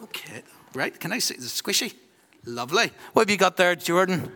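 High-voiced pastor, church echo. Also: male voice, very animated, a little fast. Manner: warm, teasing, quizzes children. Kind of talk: children's talk in a church service. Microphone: handheld microphone passed around. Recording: long church reverb.

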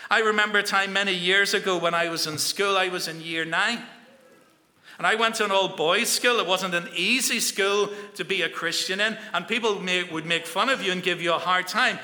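A man tells a Bible story to a room of boys, stopping to ask them questions along the way. His voice is high and bright. The sound carries the long reverb of a large hall. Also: fairly even intonation, normal speed. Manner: storytelling, asks the listeners questions. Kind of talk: children's Bible talk.

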